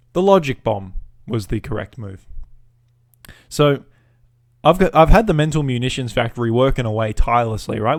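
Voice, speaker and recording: A man's voice: medium pitch, a little mellow, dry recording, clean studio sound. A man hosting a podcast, telling a story as a swaggering, sweary and mocking rant into a podcast mic. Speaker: podcast host.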